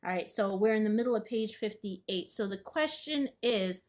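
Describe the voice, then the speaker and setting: A woman's voice: mid-range voice, moderate pace, a little mellow. A woman hosting a study session, reading passages from a book aloud and chatting casually with her live audience between passages. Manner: casual and chatty, with frequent fillers and asides. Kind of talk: reading aloud and commenting, answering chat live.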